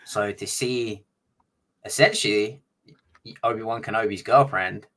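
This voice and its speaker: A man's voice: on the low side, a little slow, fairly bright tone. Chatty man co-hosting a podcast. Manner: chatty, uses many fillers, teasing questions. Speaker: podcast co-host. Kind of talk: casual chat.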